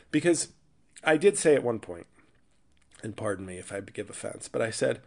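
A man's voice: mid-range voice, a little fast, creaky. A man hosting his own podcast as a stand-up comedian, riffing in a rambling, irreverent, self-interrupting monologue.

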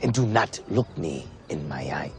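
A man's voice: a bass voice, big pitch swings, normal speed, a little hiss or hum, heavily acted. An imperious furious man. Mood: commanding.

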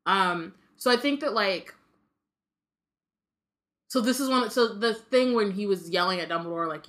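Young woman podcast host, bright voice, lots of likes and ums, joking around. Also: lowish voice, moderate pace. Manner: chatty, filler-heavy, joking. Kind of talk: casual chat and book reading.

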